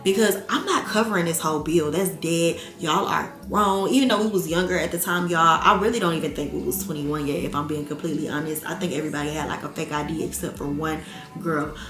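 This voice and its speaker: A young woman from Atlanta telling a story to camera, animated and blunt, swearing freely and talking to viewers as y'all. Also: deep voice, fast talker. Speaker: vlogger. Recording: echoey room with faint music.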